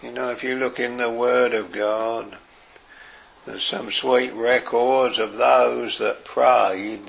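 A man preaching a sermon in an earnest way, dropping his voice softly for quoted words. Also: medium pitch, vocal fry. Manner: slow, earnest preaching with soft, quiet quoted phrases.

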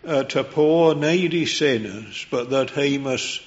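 Slow, reverent preacher man. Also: medium pitch, highs cut off. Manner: slow, reverent and earnest, rising in fervour. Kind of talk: sermon.

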